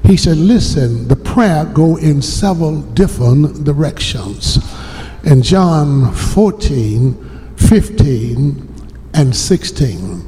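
Slow-preaching pastor in a reverberant church. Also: male voice, fairly high pitch, lively intonation, warm tone. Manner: slow, deliberate preaching cadence with call-and-response to the congregation. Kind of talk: sermon. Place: church sanctuary.

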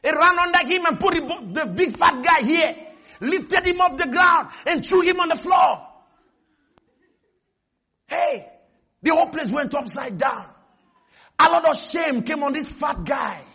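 A man preaching a sermon, telling a story with lively energy and often shouting. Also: extremely high pitch, measured pace, pauses often, a faint crowd.

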